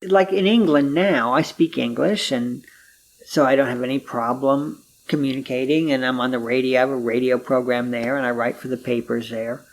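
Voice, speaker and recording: An American man in his sixties with a wry, drawn-out storytelling manner, chatting casually as an interview guest in an apartment. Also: mid-range voice, steady tone. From United States. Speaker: guest, humor writer. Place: apartment room.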